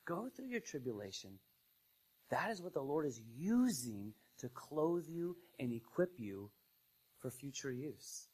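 Man, pastor, sermon, conversational, loud bursts and soft asides. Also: mid-range voice, very animated, measured pace, breathy edge, low-quality recording. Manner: conversational preaching, swings from loud emphasis to hushed asides.

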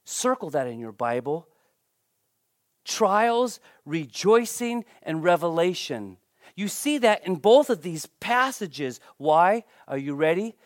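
A man preaching a sermon, telling a personal story in an animated, emphatic way. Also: a little high, a little slow, few pauses, no echo, studio quality.

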